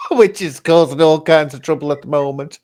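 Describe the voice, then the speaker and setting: A man hosts a relaxed interview, his voice sitting a little high for a man. He talks in a chatty, teasing way and laughs easily. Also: moderate pace. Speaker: host. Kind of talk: casual chat interview.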